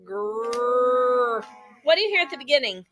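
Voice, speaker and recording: A woman teaching a phonics lesson to a class of young children, slowly stretching out the sounds of words. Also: high-pitched, expressive, pushed and bright.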